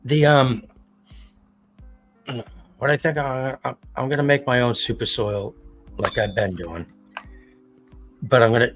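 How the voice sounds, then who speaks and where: A man's voice: medium pitch, fairly even intonation, a little slow, long pauses, over music. A man hosting a casual livestream, rambling and swearing freely as he acts out what others said. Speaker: livestream host. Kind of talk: casual chat.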